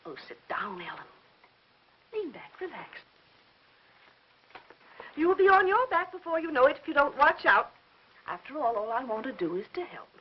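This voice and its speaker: A high-pitched, fussy old aunt who chatters endlessly and meddles in everything. Her sound comes through a muffled old film soundtrack with a faint hiss under it. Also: sing-song, normal speed, long pauses. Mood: prattling. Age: older. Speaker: busybody aunt. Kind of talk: 1950s film acting.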